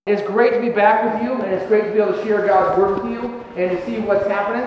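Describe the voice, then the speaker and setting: A male pastor telling a story in a sermon, conversational and animated, with many fillers and restarts. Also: high-pitched, fast, faint music behind. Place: church sanctuary. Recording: echoey church hall, dull sound, faint noise.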